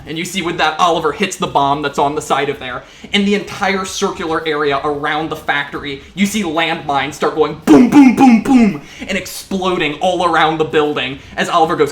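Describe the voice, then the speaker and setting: Brief: lively man game master with a slightly higher voice, echoey room, faint music. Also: brisk, few pauses. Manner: lively, descriptive narration. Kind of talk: narrating a tabletop game. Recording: roomy echo.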